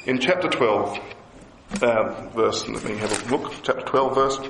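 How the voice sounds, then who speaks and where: A man preaching a sermon as pastor, lively and emphatic. He voices the people he quotes with a rising pitch. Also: unhurried, vocal fry, roomy sound, a little hiss or hum, rough recording.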